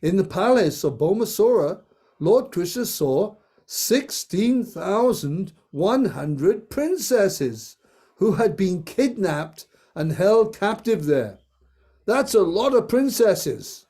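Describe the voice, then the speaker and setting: A man leads a group through a scripture story, reading slowly with unhurried pauses. His voice sits high yet sounds soft and mellow. He breaks off now and then for playful asides. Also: big pitch swings, slightly rough.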